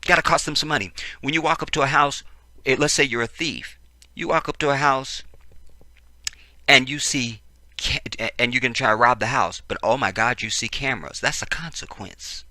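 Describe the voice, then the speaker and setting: A man's voice: medium pitch, normal speed, pushed and bright, no room sound. Fiery, profane man ranting up close. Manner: profane, emphatic, repetitive; frequent "see what I'm saying" asides. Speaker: political commentator. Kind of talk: ranting video commentary.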